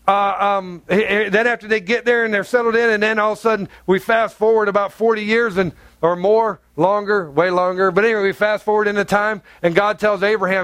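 A man's voice: sits high, steady tone, brisk, a bit bright, no room sound. A male pastor preaching a sermon in a conversational, emphatic way, full of rhetorical questions.

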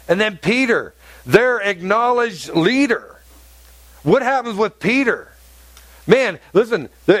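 Male pastor, high voice, animated conversational sermon, dry close recording. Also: no echo. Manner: conversational, animated preaching with acted-out quotes.

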